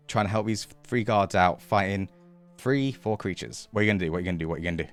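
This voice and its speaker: A man narrating as game master, animated, acting out sound effects and laughing often. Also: fairly low pitch, very fast, smooth, faint music behind.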